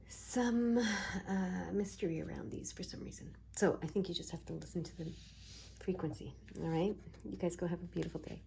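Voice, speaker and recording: A woman giving a casual tarot reading, soft-spoken and reassuring, often slipping into a half-whisper as she muses over the cards. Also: on the low side, slight background noise. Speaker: tarot reader.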